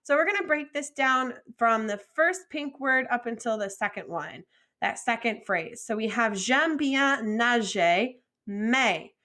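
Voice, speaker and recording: A woman teaching a recorded French lesson, modeling phrases slowly and clearly for students to repeat, with friendly encouragement. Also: on the high side, bright, forceful tone.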